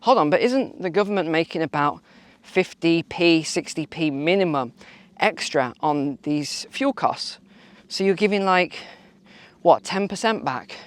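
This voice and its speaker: A man's voice: fairly high pitch, lively intonation, a little slow. Sarcastic man on a walk. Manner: sarcastic, mocking. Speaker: vlog host. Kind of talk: walking vlog commentary. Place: outdoors on a walk.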